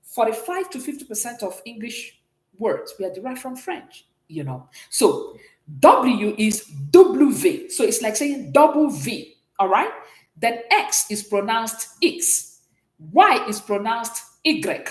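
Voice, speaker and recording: A woman's voice: fairly high pitch, sing-song, a little slow, echoey room, poor audio. A woman teaching a beginners' French class, who patiently explains, repeats and checks that students follow. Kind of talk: classroom language lesson.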